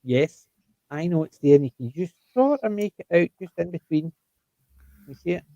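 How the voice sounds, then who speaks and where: A man's voice: on the high side, normal speed, gravelly, dry recording, highs cut off. An older man with a Scottish accent, hosting a casual group chat and telling stories with acted-out quotes. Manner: chatty, animated storytelling with acted-out quotes. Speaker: host.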